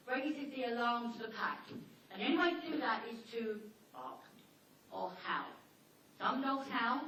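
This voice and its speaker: Animated woman teaching in an echoey hall. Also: a little high, distant mic, a little hiss or hum. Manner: lively, animated storytelling. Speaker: dog trainer. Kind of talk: seminar talk.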